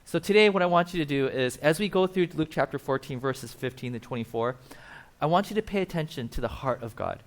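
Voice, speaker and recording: Man, pastor, conversational sermon, slightly high pitch, explains with asides. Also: lively intonation, a little fast. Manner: casual, explains with asides and acted-out quotes. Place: church.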